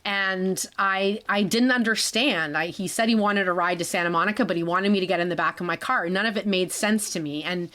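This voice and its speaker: A woman in her forties telling her own story in a halting way, with restarts and small laughs. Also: mid-range voice, bright, forceful tone. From Canada. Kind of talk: personal storytelling.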